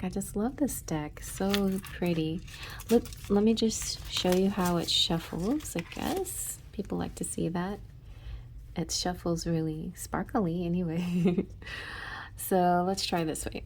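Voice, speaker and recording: A woman with a low voice reviews a card deck, reading each card's words softly, close to a whisper. Between cards she chats casually and laughs easily. A faint hiss sits under the recording. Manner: reads card texts in a soft half-whisper, then chats with laughs. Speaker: tarot channel host. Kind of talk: deck flip-through review.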